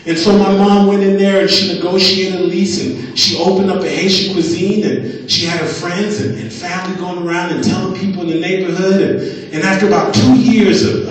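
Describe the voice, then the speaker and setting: A male motivational speaker on stage, telling a story with emphasis and repeating lines for effect. His voice sits somewhat high for a man. It is caught from a distance and echoes with the long reverb of a large hall. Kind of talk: live motivational speech, storytelling.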